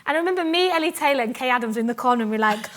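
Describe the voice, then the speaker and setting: A woman from Cumbria, a guest on a live festival stage, chatting in an animated, self-mocking way, laughing often and acting out what others said to her. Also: sits high, racing, crowd noise. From Cumbria, England. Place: festival stage before an audience. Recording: live stage mic with audience ambience.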